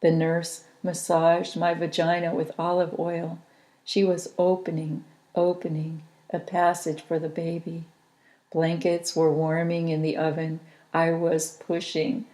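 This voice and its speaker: A woman reading her own memoir aloud as an audiobook, in a slow, intimate, reflective manner. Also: low-pitched, completely flat delivery, mellow.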